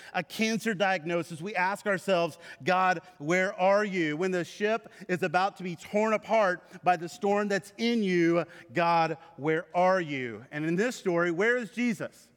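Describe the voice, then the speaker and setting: A man preaching a sermon to his church, with animated storytelling. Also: high voice, normal speed, hardly any pauses. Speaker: pastor. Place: church sanctuary. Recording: reverberant hall.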